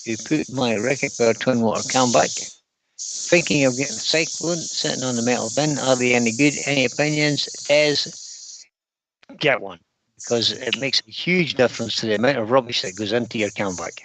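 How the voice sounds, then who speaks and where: A man's voice: mid-range voice, moderate pace, fairly bright tone, rough recording. A man hosting a live woodturning stream from his workshop, chatting casually and reading viewer comments aloud. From United Kingdom. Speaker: woodturning livestream host.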